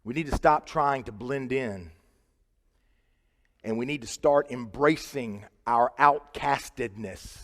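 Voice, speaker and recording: A man preaching a sermon in a church, earnest and conversational, swinging between loud emphasis and quiet asides. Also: medium pitch, takes it slowly. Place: church sanctuary. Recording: reverberant church hall.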